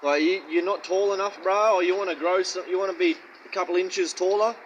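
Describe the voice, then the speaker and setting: Man, casual Bible teaching, blunt and profane, mocking, slightly high pitch. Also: fairly even intonation, brisk, dull audio, a little hiss or hum. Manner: rambling slangy chat. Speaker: street-style preacher.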